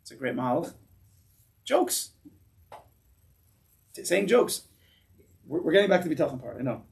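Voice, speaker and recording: A man's voice: normal speed, gravelly, recorded from a distance. A man giving an informal Torah class in a synagogue, telling stories animatedly with many restarts and asides. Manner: animated storyteller, acts out voices with big pitch jumps. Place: synagogue hall.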